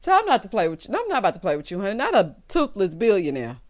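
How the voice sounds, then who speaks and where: A woman recapping a reality show in sassy, animated commentary, laughing loudly and calling her viewers honey and child. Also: mid-range voice, quick pace.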